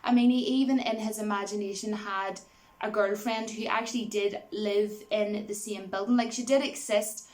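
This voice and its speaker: A woman's voice: mid-range voice, fairly even intonation, moderate pace, a little mellow. Chatty woman rambling through a film review. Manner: rambling, many fillers like "you know" and "like"; laughs easily while retelling scenes. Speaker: movie reviewer. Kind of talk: casual spoken film review.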